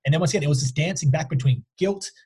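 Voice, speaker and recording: A man's voice: fairly high pitch, very fast, dark tone, husky. A man, a mindset coach and guest, talking casually and emphatically, often checking in with "right?". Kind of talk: casual storytelling interview.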